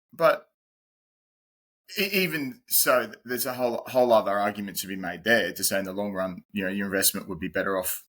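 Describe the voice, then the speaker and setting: A man in his forties with an Australian accent talks as a podcast guest, explaining things plainly and laughing easily. His voice sits low. His tone is bright and forceful. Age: 40s. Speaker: guest, pain-reduction specialist. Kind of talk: casual podcast conversation.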